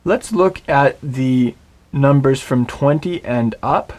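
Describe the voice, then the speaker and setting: A man teaching a video language lesson, slowly and patiently drilling words for the viewer to repeat. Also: medium pitch, darkish tone. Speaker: Hebrew teacher.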